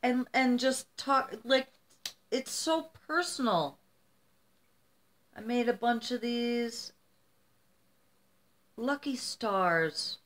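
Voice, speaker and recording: A woman's voice: fairly high pitch, very slow, pauses often, fairly bright tone. A middle-aged woman from the United States, chatting casually to camera while opening gifts, emotional and rambling.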